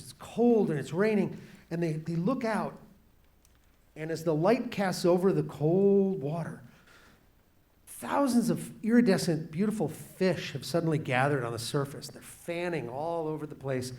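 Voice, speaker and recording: A man, an author, telling a story to students in an animated way, slowing down and quieting for drama. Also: on the high side. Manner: animated, shifts pace and volume for drama. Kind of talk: storytelling talk to a class.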